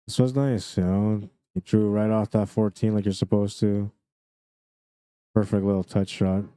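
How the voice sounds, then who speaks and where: A man with a Canadian accent giving relaxed, chatty live commentary on a pool match and greeting viewers by name. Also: fairly low pitch, normal speed, clear, resonant tone, no room sound.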